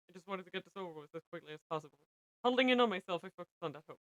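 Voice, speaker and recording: A young woman streaming, reading a visual novel aloud with expressive narration. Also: lowish voice, rapid-fire, dry recording, lo-fi sound. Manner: expressive narration, breaks into laughter.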